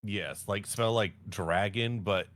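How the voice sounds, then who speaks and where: Man, low voice, rambling, jokey, casual livestream chat, self-correcting. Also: slow pace, a bit bright. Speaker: podcast co-host.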